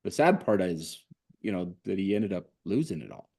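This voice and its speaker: A man co-hosting a trading podcast, trading quick banter and drawing out his emphatic points in casual chat. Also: sits low, very animated, gravelly, a little mellow, husky. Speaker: podcast co-host.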